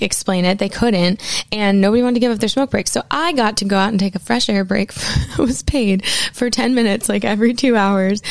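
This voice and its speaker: A woman's voice: medium pitch, clean tone, dry recording, clean studio sound. A woman singer-songwriter casually telling stories in a chatty way, with lots of fillers. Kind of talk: casual storytelling.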